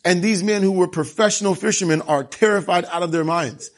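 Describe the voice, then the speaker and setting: Male pastor, lively sermon delivery, voice a bit higher than most men. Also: a little fast. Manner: animated storytelling with rhetorical questions.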